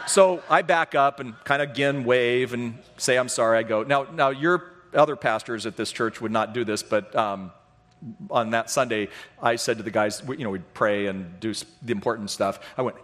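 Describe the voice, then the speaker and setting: Middle-aged man, pastor, animated storyteller who mocks himself, mid-pitched, long reverb in the sanctuary. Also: brisk. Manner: animated, self-deprecating, acts out voices in his stories. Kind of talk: storytelling sermon. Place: church sanctuary.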